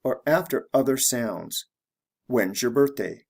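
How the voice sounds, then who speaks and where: A man with an American accent teaching English pronunciation, speaking slowly and repeating each example sentence clearly. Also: mid-range voice, expressive. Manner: slow, deliberate drilling of example phrases. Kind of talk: slow scripted lesson narration.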